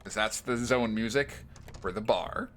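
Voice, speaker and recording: A man's voice: on the low side, measured pace, fairly bright tone, faint music behind. A man streaming a video game live, making chatty, wry asides between reading game dialogue aloud. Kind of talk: live gameplay commentary.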